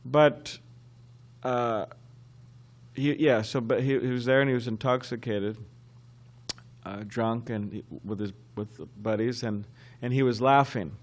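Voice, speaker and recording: A man giving a scripture class at a temple, telling a story in a halting, conversational way. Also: medium pitch. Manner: halting and conversational, often restarting.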